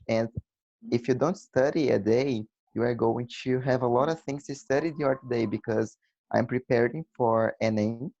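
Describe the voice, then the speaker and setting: Guy student talking english on a call, calm and steady, dry muffled sound. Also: mid-range voice, dry recording. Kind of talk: casual class discussion. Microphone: video call.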